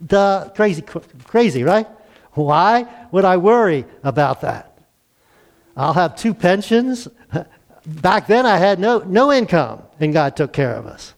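A man's voice: high voice, sing-song, slow pace, gravelly. A man in his sixties preaching a conversational sermon, acting out the dialogue and chuckling now and then.

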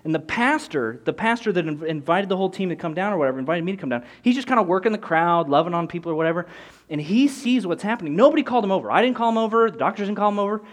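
A man's voice: high-pitched, rapid-fire. Earnest rambling young man storyteller. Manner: rambling, many restarts and "like" fillers; earnest, rising excitement in quoted moments. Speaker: speaker telling a personal faith story. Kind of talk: candid storytelling.

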